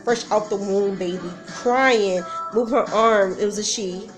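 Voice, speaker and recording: A woman's voice: medium pitch, fairly even intonation, a little slow, over music. A woman in her twenties telling a personal story in a casual, rambling, emotional way, full of fillers and restarts. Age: 20s. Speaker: vlogger.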